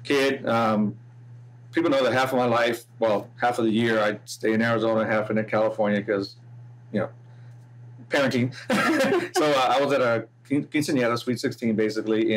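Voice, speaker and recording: A man's voice: mid-range voice, normal speed. A middle-aged man, a DJ being interviewed, talking in an easygoing, casual way with lots of "you know" fillers. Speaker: DJ guest.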